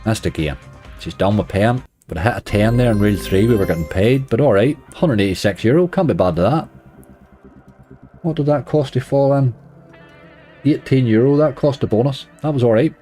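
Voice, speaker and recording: A man's voice: mid-range voice, moderate pace, mellow, soft background music. A man with a Northern Irish accent giving chatty running commentary as a slots streamer, grumbling at the game and chatting to viewers.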